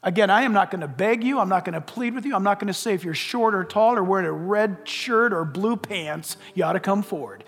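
A high-pitched male pastor delivers an earnest, blunt altar call, circling back on his points as he urges listeners forward. His voice rings out through a church sanctuary with a long reverb trailing each phrase. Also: a little fast, hardly any pauses. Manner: earnest, pleading preacher, blunt and repetitive. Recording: long reverb of a large hall.

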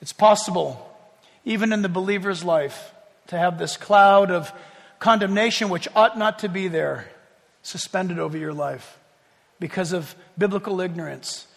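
A man preaching as a pastor, animated, moving from hushed tones to loud calls. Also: high voice, normal speed, gravelly. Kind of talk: sermon. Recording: long reverb of a large hall.

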